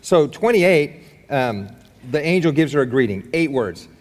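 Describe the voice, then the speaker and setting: A man's voice: on the high side, very animated, unhurried, long reverb tail. A man preaching a sermon in a conversational, rambling way with many restarts. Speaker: pastor.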